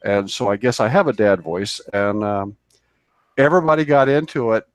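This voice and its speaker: A man's voice: on the low side, moderate pace, clear, resonant tone, no room sound. A man co-hosting a radio show, telling a long story in a casual, rambling way, full of fillers and restarts. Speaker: co-host. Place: radio studio.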